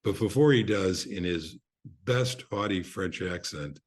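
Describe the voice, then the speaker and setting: An older man with a notably deep voice shares stories as a podcast guest. His tone is husky, and he talks unhurriedly, with frequent fillers and restarts. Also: expressive, measured pace. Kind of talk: relaxed anecdote telling.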